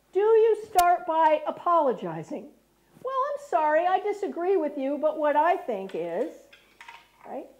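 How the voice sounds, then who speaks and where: A woman's voice: high voice, darkish tone. A middle-aged American woman giving a lecture, often checking in with the audience by asking "right?". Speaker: speaker. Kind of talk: lecture talk.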